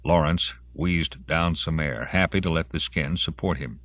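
A man narrating a story in an expressive storytelling voice. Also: very deep voice, a little slow, dry recording, dull audio. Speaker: audiobook narrator. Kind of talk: scripted narration.

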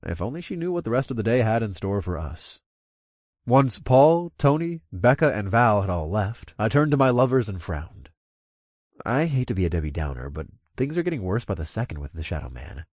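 A man narrating first-person fiction as an audiobook, with expressive storytelling. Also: on the low side, normal speed, no echo, studio quality.

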